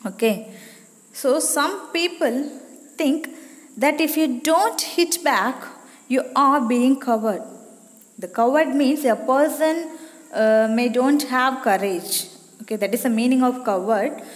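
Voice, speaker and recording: A woman's voice: high voice, slow, big-room sound. A woman teacher telling a moral story to children, repeating each line and checking with "right?". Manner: repetitive, asks "right?" often.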